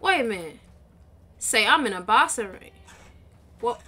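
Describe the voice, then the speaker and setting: A woman's voice: on the high side, expressive, unhurried, bright, forceful tone, breathy edge, soft background music. A woman co-hosting a gaming channel, giving playful, boastful trash talk as she plays. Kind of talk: casual gameplay commentary.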